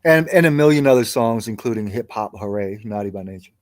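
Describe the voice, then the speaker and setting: A man's voice: fairly low pitch, expressive, quick pace. A man co-hosting a podcast in casual chat, talking in a laid-back, slangy way. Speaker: podcast co-host.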